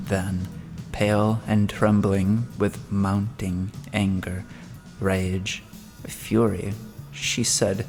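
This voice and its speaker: A man narrating a classic novel as an audiobook in a measured, dramatic storytelling manner. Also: fairly low pitch, level tone, a little mellow, faint music behind.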